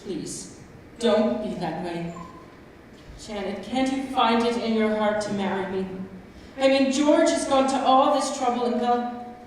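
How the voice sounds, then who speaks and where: Woman cast as an earnest lovesick groom, higher voice, distant echoing stage recording. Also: a little slow, long pauses, a little mellow, slight background noise, close to an everyday voice. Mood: pleading. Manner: earnest, pleading. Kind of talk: amateur stage musical performance. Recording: echoey stage recording from far off.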